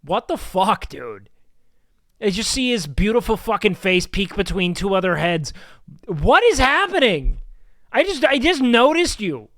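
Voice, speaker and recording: Excitable, swearing young man streamer. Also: high voice, unhurried, no echo, clean studio sound. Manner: profane, excitable, rambling. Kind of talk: casual live-stream reaction.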